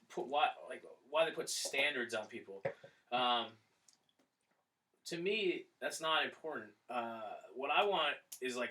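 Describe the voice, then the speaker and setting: A man talks through training in a loose, rambling way, pausing on fillers as he thinks. His tone is bright and forceful, with a middling pitch. The mic sits a little away from him. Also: distant mic, poor audio. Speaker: strength coach and podcast host. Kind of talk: casual podcast chat.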